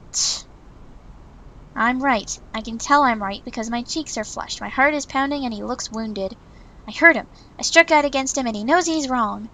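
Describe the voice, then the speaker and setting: Brief: stubborn, earnest young woman narrating a visual novel, read by a woman, slightly high voice. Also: bright, forceful tone, low-quality recording. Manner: indignant, earnest narration in first person. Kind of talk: reading a visual novel aloud.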